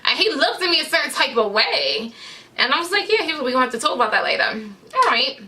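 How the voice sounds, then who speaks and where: A woman telling a casual, animated, slangy story to her camera. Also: high voice, fast talker. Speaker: vlogger.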